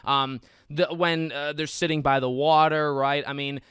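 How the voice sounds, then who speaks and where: A man's voice: a little high, unhurried, clear, resonant tone, no room sound, studio quality. A young man hosting a podcast, talking casually and with emphasis about a video game, often restarting his sentences. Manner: animated, emphatic, many restarts. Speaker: podcast host.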